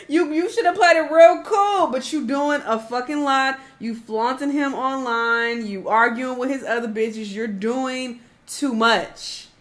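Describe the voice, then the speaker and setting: A woman giving casual reaction commentary in a blunt, profane, scolding way. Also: high-pitched. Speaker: reaction channel host.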